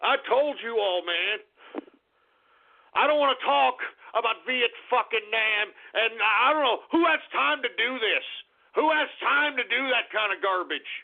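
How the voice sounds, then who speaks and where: A man puts on a cranky old radio host with a very high, gravelly voice, who flies into shouting, cursing tirades at his listeners. He is a hot-tempered war veteran with a short fuse. The sound is thin and tinny, like a call-in phone line. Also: animated, unhurried, slight background noise, full character voice. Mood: outraged. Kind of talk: comedic radio character rant.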